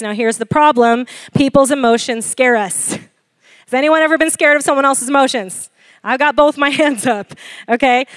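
A woman in her forties preaching a sermon, animated and laughing often as she questions the congregation. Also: sits high, dry recording, studio quality. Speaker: pastor.

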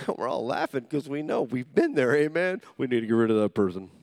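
A man's voice: mid-range voice, fairly quick, dry recording. A man preaching a sermon, telling funny stories and calling out to the congregation for responses. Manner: animated storytelling with call-and-response to the congregation; humorous, acts out quoted voices. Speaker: pastor.

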